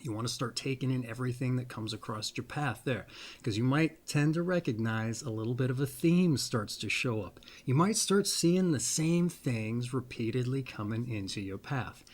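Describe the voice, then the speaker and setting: A man's voice: medium pitch, expressive, normal speed. A man hosting a casual monologue, rambling in a folksy way and repeating pet phrases. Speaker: astrology video host.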